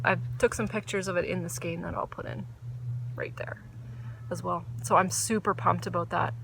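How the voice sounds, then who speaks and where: A woman hosting a casual knitting podcast outdoors, chatty, excitable and self-deprecating. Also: mid-range voice, a little hiss or hum. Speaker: podcast host. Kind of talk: casual chat about knitting. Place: outdoors under a tree.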